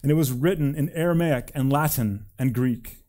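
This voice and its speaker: A man, a preacher, reading scripture aloud in an expressive, deliberate way. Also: mid-range voice.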